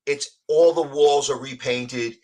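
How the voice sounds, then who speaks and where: A man from New York with a New York accent, chatting casually as a guest on a live stream, telling stories in an animated way. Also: mid-range voice, takes it slowly.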